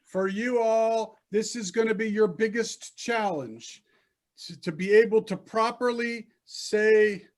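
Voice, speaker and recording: Teaching Hebrew over a video call, a man with a high-pitched voice takes things slowly. He stays patient, repeats himself, and keeps checking whether the students are following.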